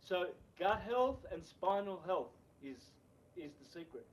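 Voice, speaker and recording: A man in his sixties, a podcast guest telling rambling, animated anecdotes. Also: sits high, measured pace. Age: 60s. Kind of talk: casual storytelling interview.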